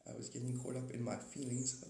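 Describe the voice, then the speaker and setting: Fairly quick and gravelly yet warm, this man's mid-range voice keeps a level tone as he rambles through spiritual ideas on a live stream. He addresses viewers directly by name, chuckles a lot and enjoys wordplay, and the audio has a roomy echo.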